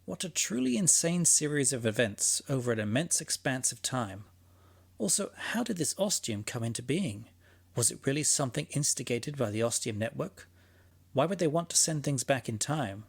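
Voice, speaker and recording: A man's voice: medium pitch, sing-song, normal speed, creaky, breathy edge. A man hosting and narrating a fiction podcast in a scripted, conversational monologue, musing aloud with a dry, sarcastic edge.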